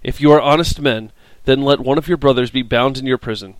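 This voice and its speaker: A man's voice: medium pitch, fairly quick, no room sound, lightly acted, poor audio. A man reading the lines of a stern Egyptian governor who tests his brothers, in a formal commanding tone, in a dry recording. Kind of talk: scripted scripture reading.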